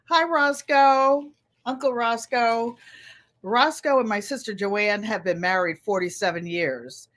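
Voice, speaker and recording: An older woman hosting a live stream, chatting warmly with viewers and telling family stories. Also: a little high. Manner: chatty, storytelling, greets viewers by name. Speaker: host.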